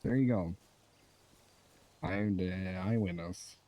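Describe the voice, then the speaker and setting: A man's voice: sits low, slow, dull audio. A man in casual role-play chat, exasperated and swearing freely.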